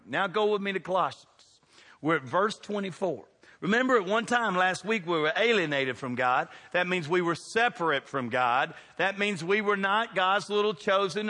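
A man preaches in a church, his high voice swooping up and down as he calls out to the congregation. His tone is bright and sharp. The room adds a long, trailing reverb. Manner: preaching with wide swings of pitch and loudness, calling out to the congregation. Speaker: pastor. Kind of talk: sermon. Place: church sanctuary.

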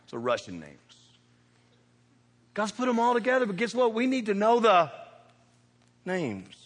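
A man preaching a sermon, telling funny stories with animated shouts and laughter. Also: high voice, normal speed. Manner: animated, shouting bursts, laughing through punchlines. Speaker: pastor. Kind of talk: humorous storytelling sermon. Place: church sanctuary. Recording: reverberant church hall.

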